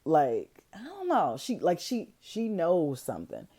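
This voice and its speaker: A woman hosting a podcast, recapping a movie in a casual, slangy way, full of "like" and lively asides. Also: lowish voice, a little slow. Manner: animated, filler-heavy, slangy storytelling. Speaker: podcast host.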